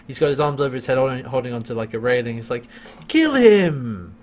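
A man's voice: mid-range voice, fairly even intonation, racing. A man co-hosting a casual chat recapping a TV episode, laughing often and acting out quoted lines. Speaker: podcast co-host recapping a TV episode.

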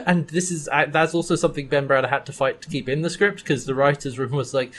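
A man's voice: fairly high pitch, moderate pace, fairly bright tone. A man co-hosting a chat podcast, recapping a TV episode and acting out the characters' lines with laughs. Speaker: podcast co-host.

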